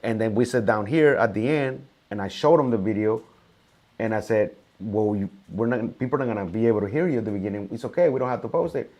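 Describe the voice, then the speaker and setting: A man's voice: on the low side, quick pace, a little mellow. A male host in casual conversation, recounting a story in a loose, rambling way.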